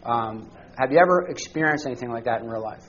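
A man with a mid-range, fairly bright voice talks fast while teaching a church study class to a group. He keeps it conversational, often quizzing the listeners and tossing in "all right?" again and again. The recording sounds muffled, with slight background noise.

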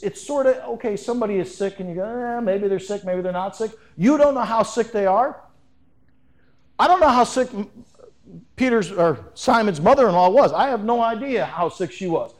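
A middle-aged male pastor gives a conversational sermon, breaking off and restarting his sentences as he goes. His voice sits fairly high for a man and swings widely in pitch. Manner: lively, conversational preaching with restarts.

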